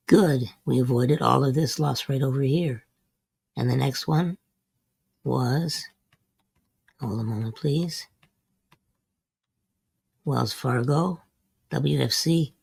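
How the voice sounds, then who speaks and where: Man, host, trading lesson, heavy vocal fry, dry close sound, methodical. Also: mid-range voice, takes it slowly, long pauses, a little mellow, no room sound. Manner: methodical, repeats short refrains. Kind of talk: scripted market lesson over a chart screen.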